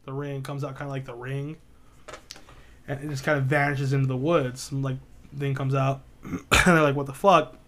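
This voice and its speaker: A man's voice: medium pitch, flat delivery, normal speed, a bit bright, a little hiss or hum. A man casually retelling a spooky story, rambling with lots of filler words and swearing. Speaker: podcast co-host.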